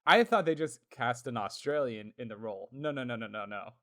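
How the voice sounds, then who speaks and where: A man co-hosting a podcast in casual chat, talkative and quick to laugh, with plenty of fillers. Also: medium pitch, lively intonation, fairly bright tone. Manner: chatty, laughs often, lots of fillers. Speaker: podcast co-host.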